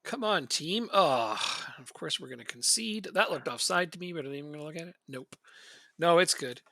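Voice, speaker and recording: Guy gaming on stream, super bright voice, dry close mic, keeps griping and laughing. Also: fairly high pitch, expressive, a little fast, vocal fry, no room sound. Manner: frustrated, venting, laughs often. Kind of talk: casual gaming chat.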